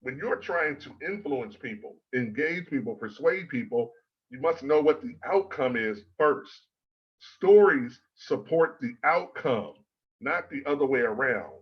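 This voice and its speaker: A man giving an instructional talk on presenting, measured and emphatic, stacking his key points in threes. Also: medium pitch, animated. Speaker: presentation coach. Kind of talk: instructional talk to a speakers' club. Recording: slightly dull, lo-fi sound.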